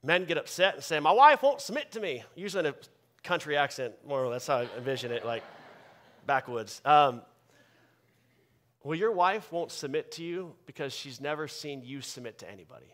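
Bright-voiced preaching pastor. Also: male voice, medium pitch, lively intonation, brisk. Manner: emphatic preaching, swinging from loud bursts to quiet asides. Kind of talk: sermon.

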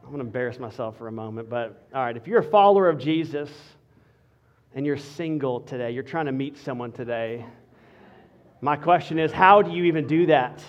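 A man preaching as a pastor, playful and animated, joking with the congregation between serious points. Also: a little high, lo-fi sound. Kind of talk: sermon with humor.

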